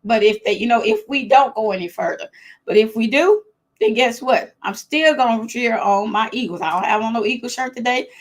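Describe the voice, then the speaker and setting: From home, a woman with a fairly high voice hosts a relaxed live-stream chat show, talking a little fast. Chatty and excitable, she laughs a lot and speaks directly to her viewers.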